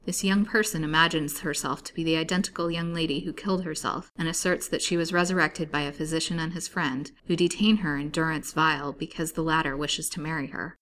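A woman's voice: sits low, steady tone, a little fast, few pauses, a bit bright, slight background noise. A woman voicing a stern male asylum doctor who speaks in an abrupt, clinical way. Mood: brisk.

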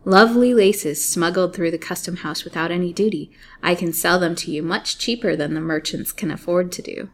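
A woman's voice: on the low side, moderate pace, few pauses, lightly acted. Woman doing a greedy old peddler hag. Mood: wheedling. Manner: wheedling, pleading. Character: greedy scheming old female lace peddler.

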